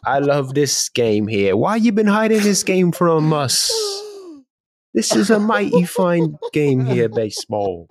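A man's voice: mid-range voice, wildly swooping pitch, slow pace, hardly any pauses, a bit bright, no echo, full character voice. A man putting on a thick, exaggerated Jamaican accent on a podcast, hyping up the crowd. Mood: hyped. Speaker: podcast co-host.

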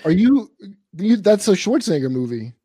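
Chill sidekick guy, kinda high mellow voice, laughs a lot, dry close sound. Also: very animated, normal speed, breathy edge, no room sound. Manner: laid-back, laughs often, reads viewer comments. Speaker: sidekick and co-host. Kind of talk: casual comedic banter.

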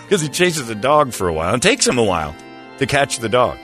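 A man hosting a morning rock radio show, telling stories in a blunt, animated way. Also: medium pitch, normal speed, faint music behind. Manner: blunt, storytelling, animated retelling. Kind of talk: casual talk radio banter. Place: radio studio. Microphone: studio mic. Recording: dry close studio sound.

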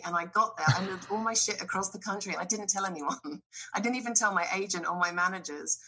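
A woman in her thirties chats as a podcast guest, her voice bright and ringing. She tells her stories with animated energy, swearing and laughing freely as she goes. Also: lowish voice, breathy edge. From Britain. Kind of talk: casual chat.

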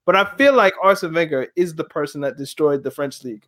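Man, casual football debate, animated, rhetorical questions, higher-pitched voice. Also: quick pace. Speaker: podcast co-host.

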